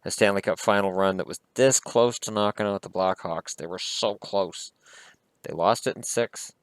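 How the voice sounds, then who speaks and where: A man's voice: fairly low pitch, moderate pace, smooth, dry recording. A man vlogging about hockey, talking in a heated, blunt and profane way. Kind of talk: casual opinion rant.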